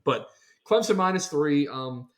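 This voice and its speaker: A man's voice: on the high side, animated, unhurried. A man co-hosting a casual podcast, boisterous and profane, with a Western Pennsylvania accent, often slipping into exaggerated impressions. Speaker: podcast co-host. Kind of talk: casual chat.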